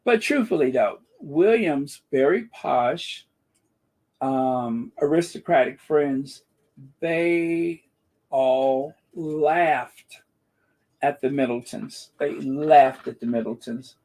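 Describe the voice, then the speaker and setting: A man's voice: a little high, slow pace, a little mellow. A man hosting a commentary channel, talking in a sarcastic, rambling monologue full of fillers and restarts.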